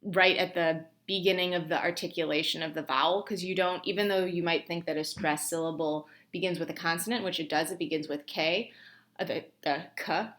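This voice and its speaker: A woman's voice: lowish voice, fairly even intonation, a little fast, a bit bright. A woman instructor walking students through a lab task on screen, talking informally with many ums and restarts. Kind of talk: screen-recorded lab walkthrough.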